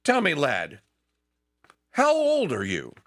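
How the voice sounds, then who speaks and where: A tall, commanding general on horseback questions a young recruit and hands out orders, as a man acts him out in a story. The voice is bright and firm, a little raised above everyday talk. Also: fairly high pitch, huge pitch swings, slow, exaggerated voice.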